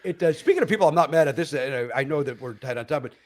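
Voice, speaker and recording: A middle-aged male comedian spinning a story on a podcast, slipping in and out of the voices of the people he describes. His voice sits on the higher side for a man, and he keeps the tone loose and chatty throughout. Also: fast talker. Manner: animated storyteller who acts out quoted voices. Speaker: comedian guest.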